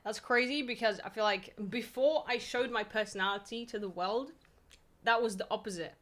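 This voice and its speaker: A woman's voice: a little high, normal speed, a bit bright. Chatty, swearing woman streamer from Poland. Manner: loose and chatty, swears, many fillers, laughs easily. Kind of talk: casual chat answering viewer questions.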